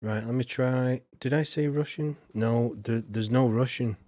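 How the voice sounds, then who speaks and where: A man's voice: mid-range voice, unhurried, dark tone, no echo. A man streaming a farming game, rambling casually and greeting viewers by name. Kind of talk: casual gameplay commentary.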